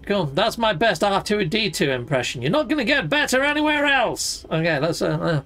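A man's voice: high voice, sing-song, normal speed, sharp tone. A man hosting a let's play, chatting playfully as he loots and fights, full of exclamations and mild mock swearing. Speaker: gaming channel host.

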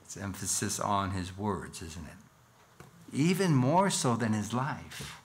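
A man's voice: lowish voice, lively intonation, slow pace. A man preaching a sermon in church as pastor, earnest, with rhetorical questions and a rising, emphatic reading of scripture. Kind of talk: expository sermon.

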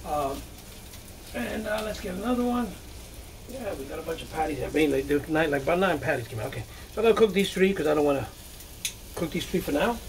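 Gravelly-voiced man chatting through a cooking demo. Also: a little high, expressive, brisk, long pauses, noisy background. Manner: chatty, thinks aloud, frequent okays and restarts. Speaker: home cooking video host. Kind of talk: casual cooking demonstration. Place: home kitchen.

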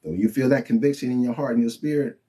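A man's voice: mid-range voice, fast. A man preaching and teaching from the Bible in an informal, colloquial way, often checking in with his listeners. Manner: animated and colloquial, with frequent "you know what I'm saying" and "okay?".

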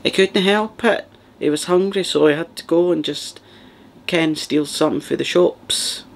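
A man's voice: on the high side, moderate pace, vocal fry, slight background noise, voice pushed up. A man doing an indignant Glaswegian dinner lady. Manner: indignant, excusing. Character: middle-aged Glaswegian dinner lady, defensive mother.

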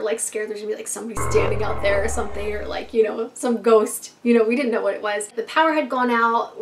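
A woman's voice: fairly high pitch, far from the mic, a little hiss or hum. A woman telling a story to her viewers in a casual vlog, chatty and full of "like", swearing freely and acting out what her friends said. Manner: chatty, heavy use of "like", swears freely, acts out quoted friends.

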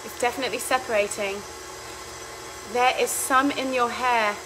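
A woman's voice: fairly high pitch, fairly even intonation, normal speed, noisy background. A woman hosting a home cooking vlog, chatting casually to viewers, giggly and chaotic, swearing freely as she talks through a recipe in her kitchen. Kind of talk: casual chat to live viewers while cooking.

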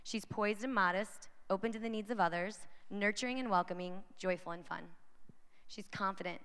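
A woman's voice: mid-range voice, normal speed, fairly bright tone, smooth. Chatty woman speaking in a big echoing hall. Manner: chatty, addresses the crowd directly with frequent "right?". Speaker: conference speaker. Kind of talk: inspirational talk to young women. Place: large conference hall. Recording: long hall reverb from a large venue.

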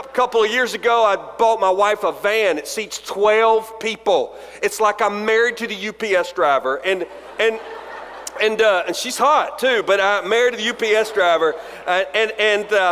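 A man's voice: high voice, moderate pace, fairly bright tone. A man, a pastor telling funny self-deprecating stories in a chapel sermon. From Alabama. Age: 40s. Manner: storytelling, self-deprecating jokes, acts out dialogue. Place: large chapel. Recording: long reverb of a chapel hall.

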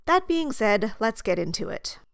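A woman hosting her own video essay, reading a measured, articulate scripted commentary. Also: a little high, very animated, gravelly, clean tone, no room sound, clean studio sound.

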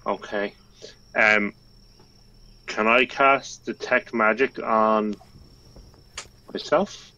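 A man playing in a tabletop game, speaking hesitantly and politely with pauses. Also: on the low side, steady tone, pushed and bright, muffled recording. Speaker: player. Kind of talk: casual tabletop play.

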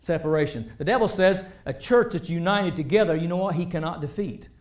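A man preaching a sermon, animated, swinging between loud emphasis and quiet asides. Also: on the high side, a little fast, echoey room.

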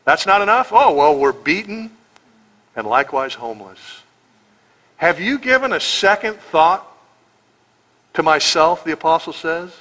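A man's voice: a little high, expressive, measured pace, pauses often, sharp tone, rough recording. A man with an American accent preaching a verse-by-verse sermon as pastor, emphatic and sarcastic, firing rhetorical questions. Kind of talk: expository sermon.

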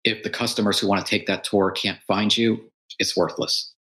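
A man's voice: on the low side, flat delivery, normal speed, a bit bright, low-quality recording. A man, a tour business owner, telling his story in a casual podcast interview and acting out what his friends said. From United States. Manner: earnest storytelling, acts out quoted friends.

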